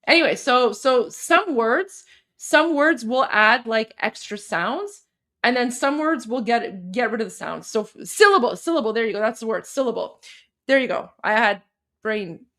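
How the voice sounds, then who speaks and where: A woman from Iran talks casually through political news, reacting to clips and viewer comments as she goes. Her voice sits slightly high, with a chatty, animated, unscripted flow. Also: moderate pace.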